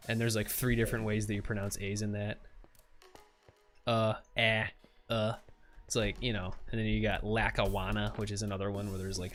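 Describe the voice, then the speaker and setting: A man's voice: lowish voice, fairly bright tone. A young man chatting casually on a livestream while he plays, throwing in goofy made-up sound words. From USA. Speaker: streamer.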